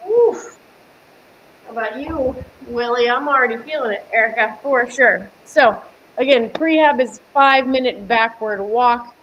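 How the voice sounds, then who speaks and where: A woman's voice: a little high, unhurried, muffled recording, a little hiss or hum. A young woman fitness coach on a home live stream. She explains a workout in an upbeat, chatty way, answers viewers by name and laughs often. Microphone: camera mic at home.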